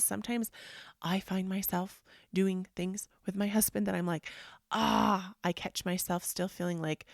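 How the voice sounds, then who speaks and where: A woman with a low, gravelly voice leads a casual motivational talk about self-help and healing. She speaks earnestly and with emphasis, often drifting into soft, whispery asides. Her voice sounds close and dry, with no room around it. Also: no room sound. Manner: earnest and emphatic, with frequent "like" and "freaking". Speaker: yoga and self-help podcast host.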